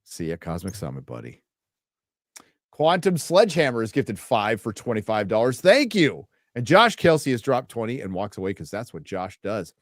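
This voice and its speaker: A man's voice: lowish voice, wildly swooping pitch, normal speed, no room sound, studio quality. Man reading donations on a live stream. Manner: reads donation messages aloud, swears freely. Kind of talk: casual live stream chat.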